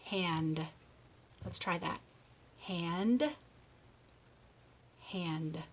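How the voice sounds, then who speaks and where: A woman giving a children's speech lesson, reading a picture book aloud and slowly modeling words for a young child to repeat. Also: fairly low pitch. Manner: slow, encouraging, exaggerates word sounds for a child. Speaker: speech therapist.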